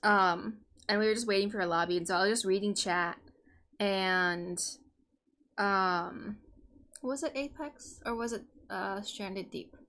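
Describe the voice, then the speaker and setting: Speaking at an unhurried pace in a mid-range, fairly bright voice, this podcast co-host chats casually. Her storytelling wanders, and she often stops to correct herself.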